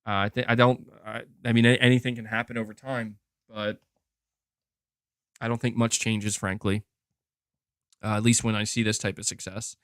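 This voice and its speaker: A man's voice: fairly low pitch, little pitch movement, moderate pace, pauses often, clear, resonant tone, no room sound, studio quality. A young man hosting a gaming podcast, casually rambling in reply to chat comments with many restarts and "bro". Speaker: podcast host reading chat.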